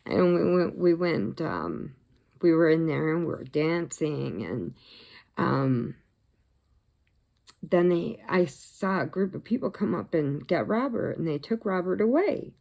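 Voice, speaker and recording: A middle-aged woman chats through a casual vlog story, animated and quick to laugh at her own jokes. Her voice is low and gravelly, with a relaxed, unhurried delivery. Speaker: crochet vlogger.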